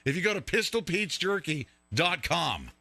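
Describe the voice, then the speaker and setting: A man hosts a live stream with loud, riffing commentary, mocking and sometimes singing his lines. His voice sits high and very bright, with a gravelly rasp and wild swings in pitch. The sound is close and dry. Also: very animated, normal speed, no echo. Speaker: show host.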